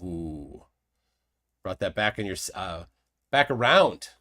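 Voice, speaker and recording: Male host, animated pitch, reads chat comments, challenges guest, casual stream. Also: slow. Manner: lively, reads viewer comments aloud, questioning.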